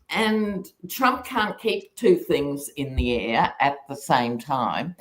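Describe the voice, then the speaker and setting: Low-voiced blunt woman from Australia. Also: sing-song, slow pace. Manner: blunt, mocking asides. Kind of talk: casual political chat. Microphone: video call.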